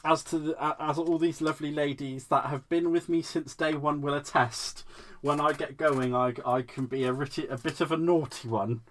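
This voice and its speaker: A man's voice: on the high side, fairly even intonation, moderate pace, fairly bright tone. A man hosting a live crafting demo. He is giggly and playful, mocks himself and answers viewers' comments as he works. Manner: giggly, playful, self-mocking, reacts to chat comments. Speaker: crafting livestream host.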